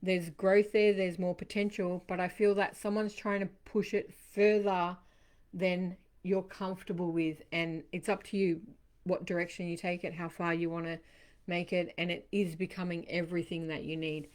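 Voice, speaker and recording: Woman reading tarot on a livestream, low-ish voice, chatty and reassuring, talks straight to viewers. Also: flat delivery, moderate pace, darkish tone. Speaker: tarot reader. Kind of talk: live-stream card reading.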